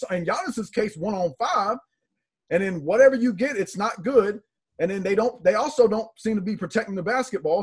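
A man's voice: sits high, a little mellow, slightly rough. Exasperated man breaking down a basketball game. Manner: earnest, exasperated critique. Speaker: podcast co-host. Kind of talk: casual sports analysis.

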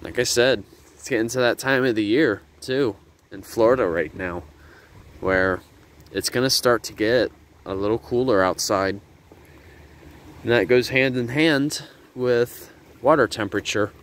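A man's voice: unhurried, fairly bright tone, rough recording. A man giving easygoing, explanatory commentary on a nature walk by a river, loose with fillers, recorded on a handheld camera mic outdoors. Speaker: nature vlogger. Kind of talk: walking nature tour commentary. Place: outdoors by a river in a windy garden. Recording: wind rumble on outdoor mic. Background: wind noise.

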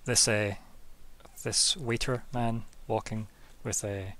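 A man narrating as game master of a tabletop game in a relaxed, soft-spoken way with many fillers, over a video call. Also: lowish voice, slow pace, a little hiss or hum.

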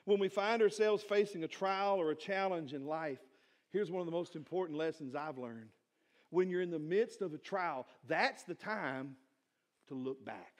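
A man's voice: sits high, normal speed, darkish tone. A male pastor, preaching a sermon to his congregation and building one rhetorical question on another. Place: church sanctuary.

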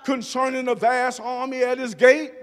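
A pastor preaching a sermon, dropping to soft low murmurs and rising to shouted emphasis. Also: male voice, flat delivery, moderate pace, long reverb tail. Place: church sanctuary.

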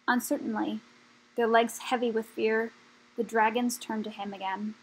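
A woman reads a children's story aloud, steady and measured. Her fairly high voice has a gravelly, husky grain throughout. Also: low-quality recording. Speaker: audiobook reader. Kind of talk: children's book read aloud.

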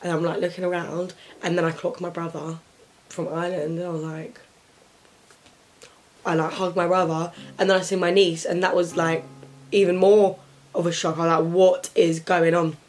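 A woman's voice: lowish voice, flat delivery, moderate pace, long pauses. A young woman chatting to camera in her bedroom, telling a story full of fillers. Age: young adult. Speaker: vlogger. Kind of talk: casual chat to camera.

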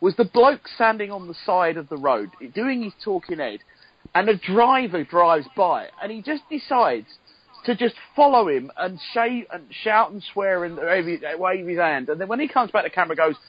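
Husky, animated man co-hosting a review. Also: high-pitched, moderate pace, no echo, dull audio. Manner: animated, stammering, emphatic complaints. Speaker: podcast co-host. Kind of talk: casual review chat.

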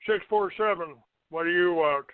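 A man's voice: high-pitched, moderate pace, smooth, no room sound. A man hosting a call-in show, hostile and profane, cursing and insulting callers. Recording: tinny phone-like audio.

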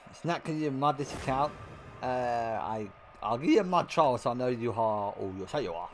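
A man's voice: mid-range voice, normal speed, a little hiss or hum. A young man streaming a game, telling rowdy stories in a casual, swear-heavy way. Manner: animated, swears freely, bursts into loud laughter. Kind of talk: casual storytelling while gaming.

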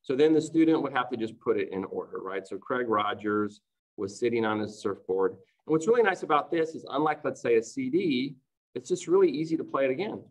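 A man in the middle of an online conference talk for teachers, his voice pitched squarely in the middle. He explains things in a chatty, running way and keeps checking in with "right?". It sounds like a computer mic over a video call. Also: animated, quick pace, a little mellow, low-quality recording.

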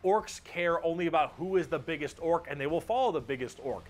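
A man narrating a comedic explainer video in an excitable, jokey manner, swearing freely. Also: on the high side, fairly quick. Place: played from a video inside a reaction stream.

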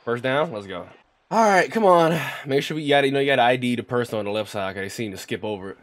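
A young man giving casual running commentary over a football video game, trash-talking and yelling when heated. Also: mid-range voice, expressive, quick pace, no echo. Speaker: gaming YouTuber. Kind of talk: live gameplay commentary.

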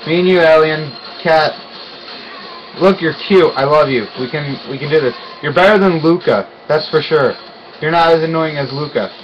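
A young man giving casual let's-play commentary, excitable and quick to yelp and groan when he fails. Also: on the high side, a little hiss or hum, poor audio. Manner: excitable, yelps and groans at failures. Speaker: gaming YouTuber.

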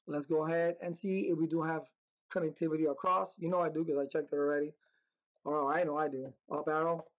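A man's voice: fairly high pitch, flat delivery, fairly quick, low-quality recording. Casual upbeat male networking instructor. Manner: casual, upbeat, talks to himself while typing commands. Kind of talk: screen-recorded lab walkthrough.

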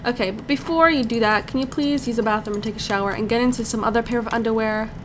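High-voiced excitable young woman gamer. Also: fast, noisy background. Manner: chatty, easily excited, talks to the game characters. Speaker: let's play commentator. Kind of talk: casual gameplay commentary.

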